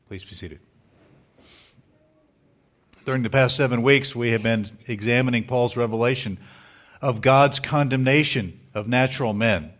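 A man's voice: medium pitch, a bit bright. Earnest man preaching a sermon. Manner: measured, earnest preaching with small restarts. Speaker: pastor.

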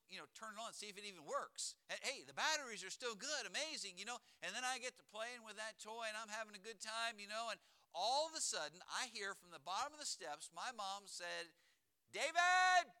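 Bright, emphatic preacher man. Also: high voice, clear, resonant tone. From Pennsylvania, US. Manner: storytelling, emphatic with slowed key words. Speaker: pastor. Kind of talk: sermon.

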